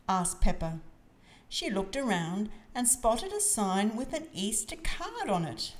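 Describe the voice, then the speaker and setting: A woman's voice: mid-range voice, slow pace. A woman reading a picture book aloud to children. Her voice sings up and down expressively as she tells the story. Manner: expressive, sing-song reading.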